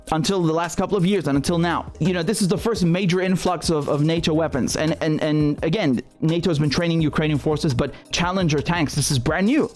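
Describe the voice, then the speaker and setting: A man hosting live political commentary, indignant and sarcastic, swearing freely as he rants. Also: on the high side. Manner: indignant, sarcastic, profane ranting. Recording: faint music behind the voice.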